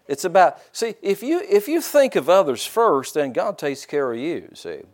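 A man's voice: a little high, sing-song, normal speed, a little mellow. A middle-aged man preaching a sermon in a church, folksy and joking, with frequent amens and hallelujahs. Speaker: pastor.

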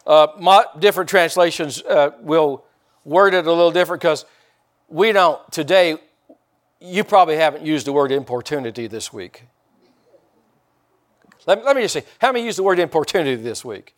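A man's voice: fairly high pitch, animated, moderate pace, long pauses. A man preaching a conversational sermon and talking directly to his congregation. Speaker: pastor.

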